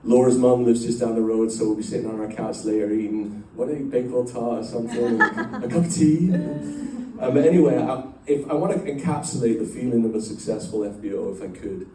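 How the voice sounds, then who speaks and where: This middle-aged man is animated and a little fast, his mid-range voice dark in tone as he tells a company group an emotional personal story, rambling with many fillers and restarts. The large room echoes, his voice is picked up from afar, and there's a little hiss or hum.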